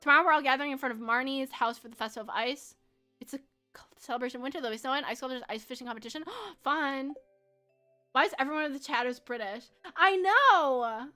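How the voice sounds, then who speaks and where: A young woman with a bright, sharp voice, set a bit high, chatting to her stream while she plays. She is giggly and loose, padding her talk with fillers. Faint game music plays behind her. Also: fast. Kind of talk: casual chat while gaming.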